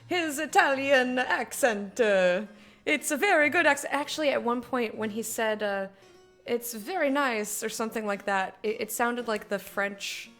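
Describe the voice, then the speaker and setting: A woman's voice: sits high, fairly bright tone. A woman streaming live, joking about a game and reading its text aloud in a chatty, playful way.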